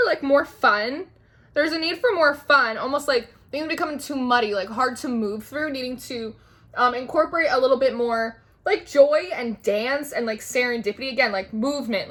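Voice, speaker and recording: Young woman doing a tarot reading, rambly and chatty, bright slightly high voice. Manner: chatty, meandering, heavy use of "like". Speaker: tarot reader. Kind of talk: spiritual tarot reading monologue.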